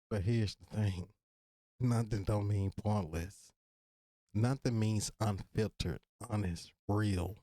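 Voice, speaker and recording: A man in his thirties with a Virginia accent speaks to his listeners in a solo podcast, casual and full of slang but sincere. His voice sits a little low and sounds warm and mellow. The sound is dry and close, with no room echo. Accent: Virginia, Southern US. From Virginia, USA. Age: 30s. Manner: casual, earnest, slangy, direct address to listeners. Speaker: podcast host.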